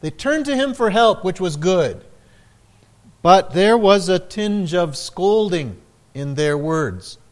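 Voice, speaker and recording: Slow, measured male preacher. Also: high voice, lively intonation. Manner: slow, measured preaching with dramatic quoted lines. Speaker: pastor. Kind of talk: sermon.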